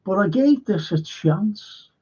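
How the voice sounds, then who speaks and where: A man's voice: sits high, animated, takes it slowly, a little mellow, breathy edge, muffled recording. A man hosting a film and TV review livestream, talking bluntly and swearing often as he rambles on, frustrated and in pain. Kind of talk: casual livestream chat.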